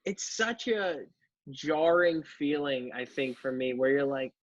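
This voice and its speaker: Brief: male podcast host, higher pitch, thoughtful, dull dry sound. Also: expressive, slow, no echo. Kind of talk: casual podcast chat.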